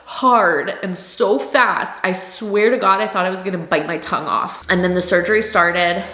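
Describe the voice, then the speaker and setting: A woman's voice: fairly low pitch, a little fast, sharp tone. Candid woman telling her story, echoey room. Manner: candid and emotional, heavy use of "like". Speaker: vlogger. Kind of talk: personal storytelling to camera.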